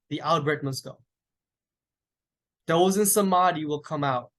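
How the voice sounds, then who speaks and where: Meditation teacher, male, slightly raised pitch, measured guided-meditation delivery. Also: a bit bright. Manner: slow, deliberate, with long pauses.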